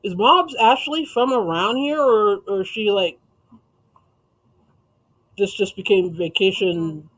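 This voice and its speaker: A chatty man hosting a relaxed livestream, his voice pitched notably high. He reads viewers' comments aloud and answers them with easy laughter in a loose, conversational way. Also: slow, long pauses, low-quality recording. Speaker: livestream host. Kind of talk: casual livestream chat.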